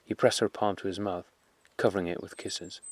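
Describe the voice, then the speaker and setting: A man narrating a classic novel as an audiobook in a measured, calm, unhurried way. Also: low-pitched.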